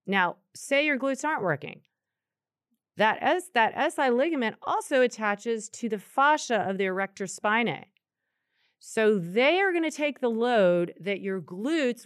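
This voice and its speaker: A woman co-hosting a yoga talk, explaining anatomy in a chatty, animated way. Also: medium pitch, no room sound, clean studio sound. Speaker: yoga co-host answering questions. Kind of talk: casual podcast chat.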